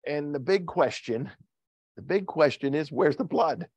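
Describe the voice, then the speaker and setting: Unhurried and husky, a pastor's sermon in church comes through a video call recording with no room sound. He jokes around, asks the congregation questions, and varies his pitch with liveliness.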